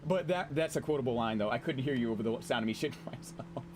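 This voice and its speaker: A man streaming a game, chatting casually with his audience in an excitable, chatty way and swearing freely. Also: medium pitch, fast talker, background noise. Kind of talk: casual gameplay commentary.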